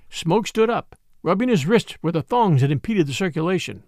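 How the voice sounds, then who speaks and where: A man reads an adventure tale aloud, his voice high for a man and gravelly at the edges. He moves his pitch around a lot. The sound is close and dry. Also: lively intonation, normal speed, hardly any pauses, darkish tone, no room sound. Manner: dramatic audiobook reading, voicing each character. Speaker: host and storyteller. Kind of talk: scripted narration.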